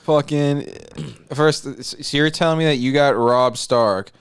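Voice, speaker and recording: A man's voice: fairly high pitch, a little slow, smooth, dry recording, studio quality. A man co-hosting a podcast, bantering casually, laughing often and swearing freely. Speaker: podcast co-host.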